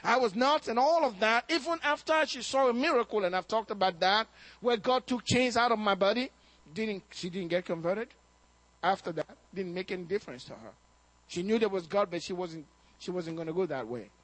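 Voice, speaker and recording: A man's voice: high-pitched, fairly quick, a bit bright, dry recording. A man preaching a sermon, telling a personal story with acted-out quotes and laughs. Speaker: pastor.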